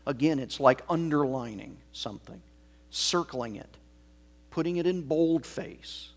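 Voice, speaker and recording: A man preaching a sermon, slow and emphatic, repeating key words for weight. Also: fairly high pitch. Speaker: pastor.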